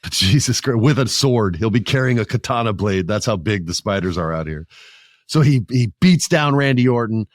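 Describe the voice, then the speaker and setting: A middle-aged man hosting a podcast, chatting about wrestling in a lively, joking way. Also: on the low side, normal speed, no room sound, clean studio sound. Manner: animated, joking, puts on voices. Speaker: podcast host. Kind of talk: casual wrestling chat.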